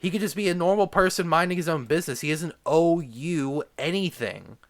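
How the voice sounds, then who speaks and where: A man's voice: fairly high pitch, fairly quick. A young man delivering a crude, rambling comedy rant packed with swearing and filler words. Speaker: comedic ranter.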